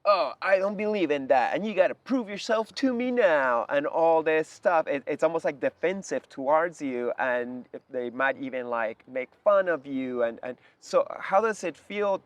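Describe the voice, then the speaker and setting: A man's voice: fairly high pitch, expressive, normal speed, hardly any pauses, dry recording. A man hosting a podcast, asking questions in a rambling way and thinking aloud as he goes. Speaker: podcast host. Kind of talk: conversational interview.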